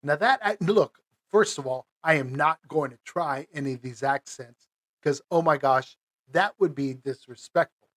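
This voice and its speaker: A man's voice: fairly high pitch, normal speed, a bit bright. A man hosting his own podcast, talking casually and rambling with lots of fillers, restarts and little chuckles. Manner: chuckles between phrases. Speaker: podcast host. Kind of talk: casual solo podcast monologue.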